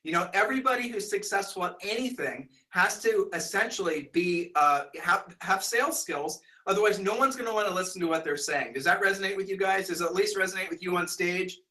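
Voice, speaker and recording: Brief: man, high bright voice, rambling storyteller addressing a crowd. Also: fairly quick, hardly any pauses, low-quality recording. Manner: rambling, animated, many restarts. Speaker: speaker telling a sales story. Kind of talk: storytelling talk to an audience.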